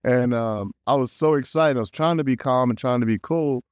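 A man chatting as a guest on an interview show, telling stories with plenty of energy. He laughs often and slips into other people's voices when he quotes them. His voice sits at an ordinary pitch, recorded close and dry. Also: fairly quick, a little mellow, dry recording. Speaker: voice actor guest. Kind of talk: casual interview storytelling.

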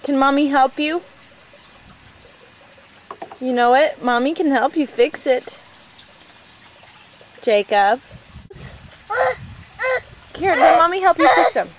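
A woman with a high voice talks slowly to her toddler in drawn-out, sing-song baby talk. She is outdoors by a backyard pool, caught on a handheld camcorder. Steady outdoor noise runs under the home video. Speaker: mother filming her toddler.

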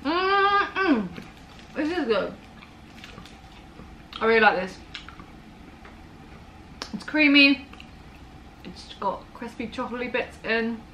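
A young woman with an English accent chats casually through a taste test, teasing and laughing easily. Her voice sits a touch high. The recording is noisy, with clear hiss behind her. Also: lively intonation, slow pace, long pauses, pushed and bright. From England. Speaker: vlogger.

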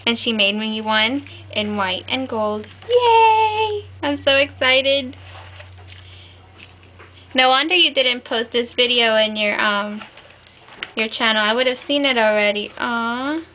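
A woman's voice: fairly high pitch, steady tone, normal speed, bright, forceful tone. A woman chatting casually to her viewers as she opens a package, gushing and enthusiastic with frequent fillers. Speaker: crafting vlogger. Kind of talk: casual unboxing chat. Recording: clear background noise.

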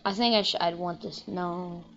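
A young woman giving rambling, casual commentary while playing a video game, breaking into excited shouts now and then. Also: fairly low pitch, moderate pace, vocal fry, highs cut off, noisy background. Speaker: gaming channel host.

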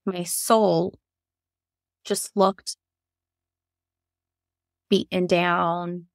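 A woman's voice: fairly low pitch, flat delivery, extremely slow, gravelly, dry recording, studio quality. A woman guest frankly telling a painful personal story, emotional and laughing through hard moments. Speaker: guest sharing her birth story.

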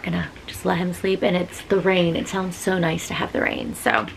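This woman in her thirties, a mother and vlogger, chats casually to her phone camera indoors at home, talking with emotion and laughing often. Her voice is lowish and gravelly, with fairly even intonation and a moderate pace. A little hiss or hum sits under the audio.

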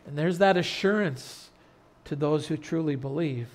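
A man pastor preaching an earnest sermon in a church, turning loud and dramatic when telling a story. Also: on the high side, measured pace. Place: church sanctuary.

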